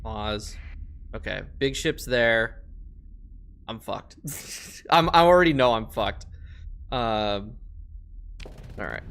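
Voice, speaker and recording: Swearing, lively-voiced male streamer. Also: medium pitch, takes it slowly, pauses often. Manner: swears a lot and gets loudly frustrated. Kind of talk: casual live-stream gameplay commentary.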